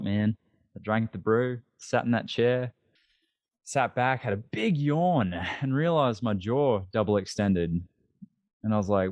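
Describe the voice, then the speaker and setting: A man in his thirties recounts his story as a podcast guest, candid and lively, often restarting a phrase. His voice sits low. The sound is dry and close, with no room around it. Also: no echo. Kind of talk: storytelling interview.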